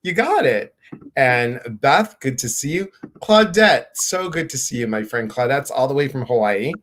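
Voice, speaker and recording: An excited, bubbly man hosting a casual live stream. He greets viewers one by one with lively enthusiasm. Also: medium pitch, moderate pace, slight background noise.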